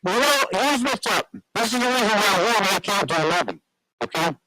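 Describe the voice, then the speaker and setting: A man's voice: high-pitched, lively intonation, normal speed, sharp tone, no echo, soft background music, rough recording. A man telling long stories as a guest on a radio talk show, rambling with many restarts.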